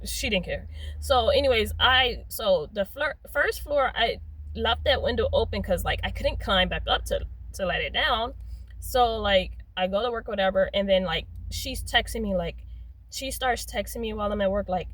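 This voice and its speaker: A young adult woman telling a personal story in a casual, rambling way, full of "like" and "um", swapping curse words for softer ones. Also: medium pitch, moderate pace, rough recording. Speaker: storyteller vlogger.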